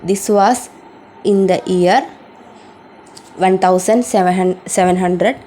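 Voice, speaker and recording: Slow woman reading exam answers aloud. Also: lowish voice, fairly even intonation, mellow, a little hiss or hum, poor audio. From India. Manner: repeats each question slowly before answering. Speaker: student tutor.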